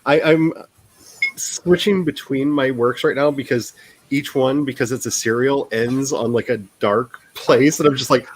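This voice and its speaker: A man's voice: medium pitch, measured pace, poor audio. Chatty self-deprecating man hosting a stream. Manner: rambling, self-deprecating, laughs often. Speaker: author hosting a writing sprint stream. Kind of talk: casual livestream chat.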